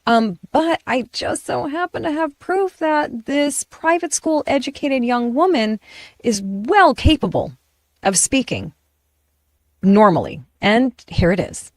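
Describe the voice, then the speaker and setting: Animated woman host, very dry sound. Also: sits high, unhurried, dry recording. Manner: animated, self-interrupting, frequent restarts. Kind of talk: political commentary chat.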